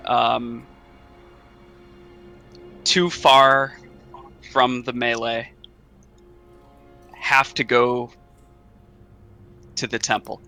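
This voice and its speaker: Slow, bright-voiced man playing a tabletop game. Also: medium pitch, flat delivery, creaky, faint music behind. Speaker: player. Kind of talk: casual chat in a tabletop game.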